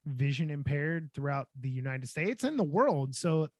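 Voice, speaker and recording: A man's voice: a little high, very animated, moderate pace, no room sound, dull audio. Joking male podcast host, dry sound. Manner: jokey, breaks into mock shouting and laughter. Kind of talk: casual chat.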